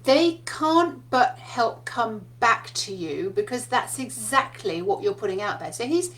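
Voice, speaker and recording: Spiritual teacher, a woman with a fairly high voice who talks in a chatty storytelling way. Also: expressive, measured pace, fairly bright tone. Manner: chatty storytelling, laughs often. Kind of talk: casual spiritual talk.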